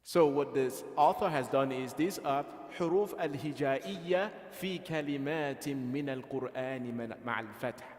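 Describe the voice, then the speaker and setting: A man's voice: mid-range voice, quick pace, few pauses. A man teaching a Quran reading class, patiently encouraging students and calling on them by name. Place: large echoey mosque hall. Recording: echoey hall reverb.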